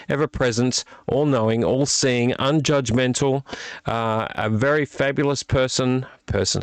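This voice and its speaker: A man hosting a casual late-night vlog from a small room at home, his voice strained and croaky from illness, rambling and self-deprecating with many fillers. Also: medium pitch, no room sound. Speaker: vlog host. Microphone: attached desktop microphone.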